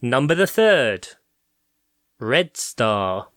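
Man, quiz host, casual podcast, teasing, higher voice, dry sound. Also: expressive, measured pace, fairly bright tone, no room sound. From England. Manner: playful, teasing, reads out answers.

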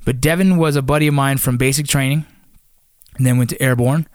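A man's voice: medium pitch, fairly even intonation, brisk, smooth, no echo, studio quality. Blunt, profane ex-Ranger man. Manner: blunt and profane, with many fillers. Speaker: former Army Ranger. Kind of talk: casual storytelling.

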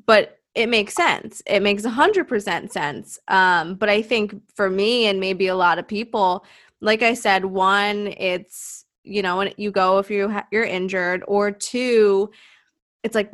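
A woman's voice: mid-range voice, fairly bright tone. A woman with a mid-range voice hosts a casual interview. She speaks in a loose, chatty way and fills her sentences with "like" and "you know".

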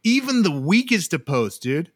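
A loud, crude man riffs through podcast banter and drops "dude" into nearly every sentence. His voice sits high and swings widely. The sound is bright and dry. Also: big pitch swings, normal speed, no room sound. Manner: profane, says "dude" constantly, brash. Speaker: podcast co-host.

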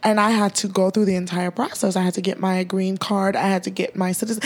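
An earnest woman co-hosts a podcast in casual chat. Her voice is of middle pitch. She stresses her points by repeating phrases. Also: level tone, fast. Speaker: podcast co-host.

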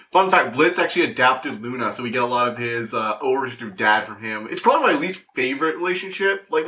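A man hosts his own podcast, chatting through a review in a loose, rambling way. His voice is bright and forward, at an ordinary middle pitch. He keeps restarting sentences and tossing in fillers as the enthusiasm runs ahead of him. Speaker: podcast host reviewing a cartoon series. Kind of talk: casual spoken review.

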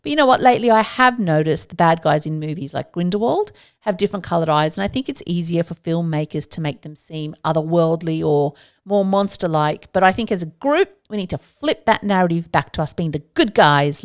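A woman's voice: lowish voice, animated, fairly quick. A woman hosting a solo podcast, talking casually with playful asides and self-mocking jokes. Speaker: podcast host.

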